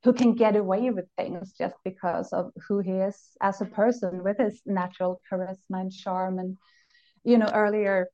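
A woman co-hosts a casual chat and thinks out loud in a reflective, analytical way. She pauses and restarts as she works through her points. Her voice comes through a dull, lo-fi recording. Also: mid-range voice, fairly even intonation. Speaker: podcast co-host.

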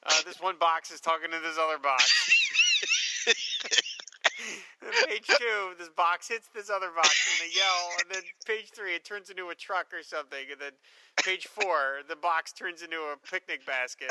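A man co-hosting a podcast, reading listener mail and joking in animated casual chat. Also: high-pitched, normal speed, heavy background noise. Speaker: podcast co-host.

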